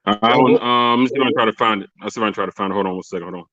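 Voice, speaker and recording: A man calling in to a casual chat, rushed and repeating himself. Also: on the low side, pushed and bright, dry recording, dull audio. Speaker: caller.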